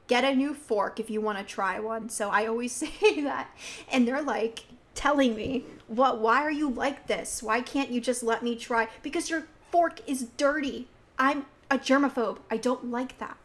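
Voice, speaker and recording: Teen girl host, bit high voice, giggly chatty monologue, loose casual delivery. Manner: chatty, giggly, animated storytelling with many fillers. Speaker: podcast host.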